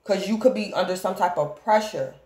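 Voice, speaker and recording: A woman's voice: medium pitch, brisk, warm tone. A woman talks through a tarot spread in a loose, rambling way, circling back again and again to address her viewers. Her voice sits in an ordinary middle range. The room around her is echoey. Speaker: tarot reader. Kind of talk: casual tarot reading to camera.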